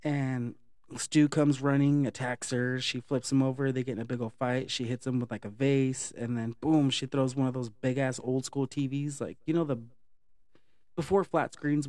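A man talks through a horror film's plot in a loose, profane, laid-back way, tossing in quick impressions of the characters. His voice sits at a middle pitch, and the recording is dry and close. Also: a little mellow, no echo. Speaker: movie recap vlogger. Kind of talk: casual movie recap.

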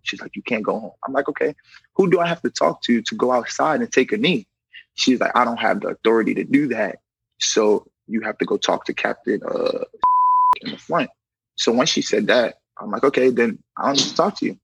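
A man's voice: medium pitch, fairly quick, vocal fry, slightly rough, no echo, rough recording. A young man, a correctional officer, telling a personal story casually and acting out what others said. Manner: animated, acts out quoted dialogue; conversational, frequent "you know".

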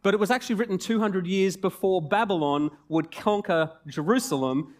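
A man in his forties preaching a sermon in a jokey, conversational and animated way, with asides and rhetorical questions. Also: high voice, normal speed.

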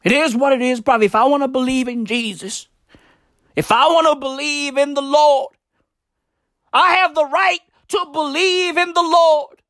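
A woman's voice: high voice, unhurried, a bit bright, dry recording, studio quality. A woman delivering a crude, rambling, profane comedic rant in slangy bro talk.

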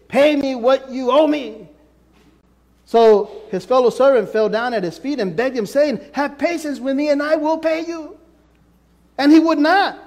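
A pastor delivers a sermon in a strikingly high voice, driving some words out loudly while others fade almost to silence. His style is emphatic and sweeping, and a long reverb suggests a large church hall.

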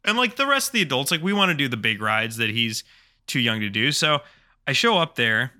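Bright-voiced man in his thirties telling a story. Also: medium pitch, sing-song, a little fast. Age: 30s. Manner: rambling, loose, with frequent fillers. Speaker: podcast co-host. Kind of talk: casual storytelling.

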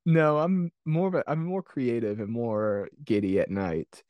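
A man's voice: mid-range voice, unhurried, dry recording, lo-fi sound. A man co-hosting a casual podcast chat over a call, teasing and a bit sassy. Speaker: podcast co-host. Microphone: remote call mic.

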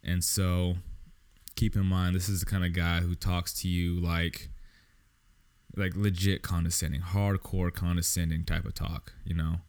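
A man's voice: deep voice, level tone, unhurried, darkish tone. A young man casually telling a story as a podcast host, swearing freely and sounding exasperated. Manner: profane, exasperated, lots of swearing.

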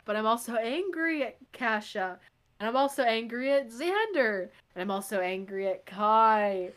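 A woman's voice: on the high side, expressive, moderate pace, fairly bright tone. A young woman co-hosting a casual book podcast, reading passages aloud and reacting with exasperated sighs. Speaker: podcast co-host. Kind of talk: casual book club chat.

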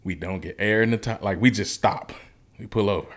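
A man's voice: lowish voice, a little fast. A man from Memphis, earnestly telling a personal story as an interview guest in a casual, vivid way. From Memphis, Tennessee. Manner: earnest, colloquial, vivid retelling.

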